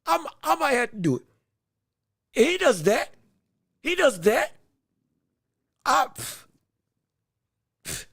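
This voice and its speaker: A man hosting a live boxing podcast stream, talking excitedly, laughing, restarting his sentences and calling out greetings to viewers in chat. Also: very high voice, unhurried, long pauses, no echo, studio quality. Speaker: podcast host.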